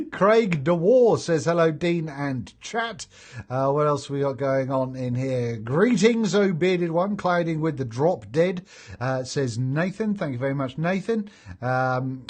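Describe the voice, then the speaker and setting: A man hosting a casual live stream, chatting and reading out viewer comments, jokey and laughing easily. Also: a little high. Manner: chatty and jokey, laughs often, many fillers. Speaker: host of a live vaping stream.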